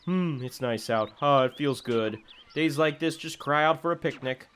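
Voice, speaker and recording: A man's voice: fairly high pitch, moderate pace, a bit bright, smooth, voice pushed up, close to an everyday voice. Brief: haughty male cosmic king of a video game, put on by a man reading the lines, demanding and grand, talking in the royal we. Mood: grandiose. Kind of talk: reading game dialogue aloud in a voice.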